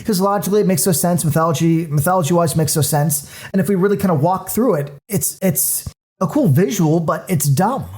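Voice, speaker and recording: A man co-hosting a podcast in casual chat, ranting in an animated way with many restarts. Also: high-pitched, brisk. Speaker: podcast co-host.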